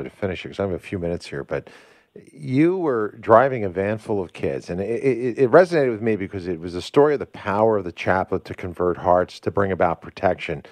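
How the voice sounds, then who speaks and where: A male host with a low, deep voice chats casually and drops in short supportive remarks. The sound is close and dry. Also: no echo. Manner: brief supportive interjections. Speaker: radio host. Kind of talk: casual chat.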